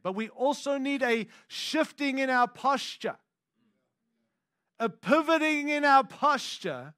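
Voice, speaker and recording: In this studio-quality clip with no echo, a man preaches as a pastor. His voice drops to hushed, intimate moments and then rises into loud, emphatic statements, with casual remarks aimed at the congregation.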